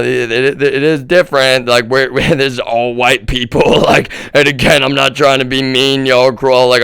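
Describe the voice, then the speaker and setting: Casual young male streamer, rambling and chatty, says "y'all" a lot. Smooth voice, dry close-mic sound. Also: mid-range voice, fairly bright tone, no echo. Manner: rambling, addresses viewers as "y'all", restarts often. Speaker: livestream host. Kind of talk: casual monologue to viewers.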